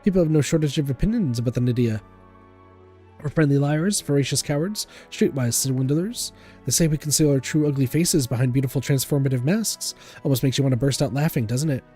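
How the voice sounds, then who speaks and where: A man's voice: medium pitch, a little fast, mellow, breathy edge, voice pushed up, close to an everyday voice. A man voicing a glamorous, vain woman singer while reading game dialogue aloud, in a theatrical, lilting manner. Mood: earnest. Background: game music.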